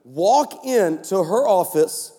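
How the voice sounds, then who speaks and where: A man preaching a sermon at a conference, telling stories and building to shouts. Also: sits high, slow. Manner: storytelling, animated, rising to shouts. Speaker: pastor. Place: conference stage in a large hall. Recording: echoey large hall.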